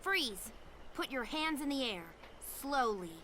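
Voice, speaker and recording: An actress playing a brisk, bossy young woman officer of a town watch in a video game, teasing and stern. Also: high-pitched, expressive, bright, forceful tone, slight background noise, heavily acted. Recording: game audio with music behind.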